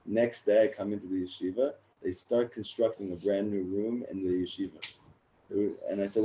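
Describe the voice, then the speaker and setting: A man in his thirties talks casually to a group, telling a personal story with animated ups and downs. His voice sits low and mellow. The sound is dull and lo-fi. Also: quick pace, a little hiss or hum. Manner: animated storyteller, rising and loud in funny moments. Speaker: rabbi and speaker sharing his story.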